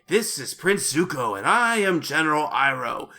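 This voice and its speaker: A man reading an old male general, a calm uncle, in a plain reading voice. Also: fairly high pitch, normal speed.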